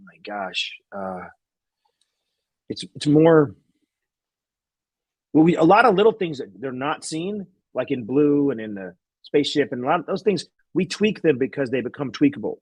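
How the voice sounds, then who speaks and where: A man's voice: a little high, expressive, unhurried, darkish tone, breathy edge, no echo. A man, a guest magician, telling a rambling anecdote in casual chat, laughing often and restarting sentences.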